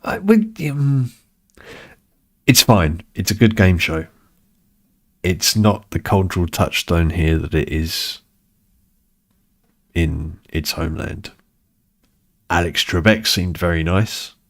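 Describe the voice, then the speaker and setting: A deep-voiced British man rambles through a casual gaming stream. He drifts from topic to topic, swears freely and hams up his irritation. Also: slow pace, pauses often. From United Kingdom. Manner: rambling, swears, mock-exasperated. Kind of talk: casual chat while gaming.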